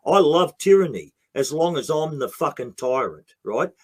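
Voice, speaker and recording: A man's voice: fairly high pitch, big pitch swings, moderate pace. An Australian man, a guest in a heated interview, speaking bluntly and emphatically with frequent swearing.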